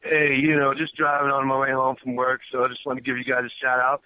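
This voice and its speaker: A man phones in to a sports show while driving home from work. He talks in a relaxed, hesitant way, and the call comes through as a tinny, dry phone line. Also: mid-range voice, fast talker, no echo. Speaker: caller. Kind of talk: casual phone-in chat. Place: driving in a car.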